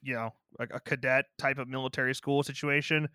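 A man co-hosting a podcast, reviewing a movie in laid-back casual chat and acting out quotes in a higher voice. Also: level tone, brisk, sharp tone, smooth, no room sound, studio quality. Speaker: podcast co-host.

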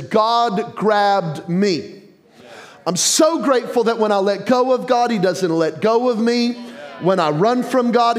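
A male pastor preaching a sermon with growing passion, sometimes building to a yell, with joking self-deprecating asides. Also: high-pitched.

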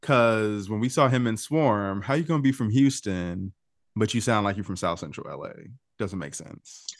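A man co-hosting a casual pop culture podcast, talking in an animated, gossipy way with quick asides and laughs. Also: lowish voice, no echo, studio quality. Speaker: podcast co-host.

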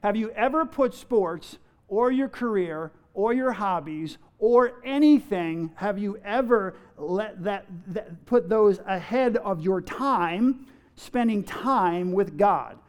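Man preaching through rapid rhetorical questions. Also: high-pitched, lively intonation. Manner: fires rhetorical questions at the audience; playful, acts out everyday quotes, chuckles. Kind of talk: sermon.

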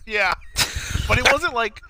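Excitable young man, bright lively voice. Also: very high-pitched, a little slow, vocal fry, a little hiss or hum. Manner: excitable, swears a lot, acts out quotes loudly. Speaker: podcast co-host. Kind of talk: casual chat.

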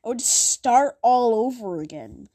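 A woman's voice: on the high side, animated, a little slow, dark tone, no room sound, studio quality. A woman hosting a podcast in a casual, self-mocking, rambling way. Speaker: podcast host.

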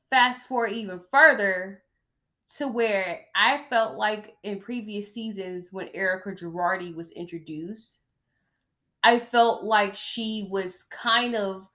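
With a medium-pitched, slightly bright voice, this woman hosts a podcast and dishes on reality TV. Her casual gossip is blunt and chatty, emphasized by frequent checks of "okay?".

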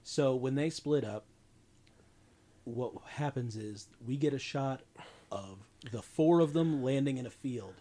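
Relaxed male co-host, chatty recap, mid pitch. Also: unhurried. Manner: easygoing, chiming in and finishing the other's sentences. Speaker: podcast co-host. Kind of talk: casual chat recapping a TV episode.

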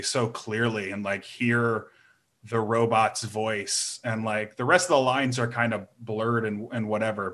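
A man's voice: mid-range voice, fairly bright tone. A young man talking casually, rambling with many fillers and restarts. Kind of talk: casual chat.

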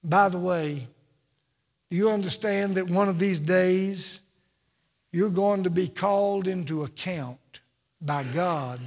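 A man's voice: high voice, a little mellow, long reverb tail. A man preaching a sermon from the pulpit, with an emphatic, repetitive cadence. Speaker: pastor.

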